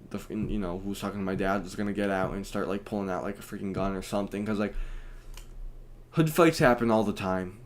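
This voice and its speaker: Brief: young man, casual home stream, rambling, animated, slangy storyteller. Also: on the low side. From United States. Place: at home, indoors.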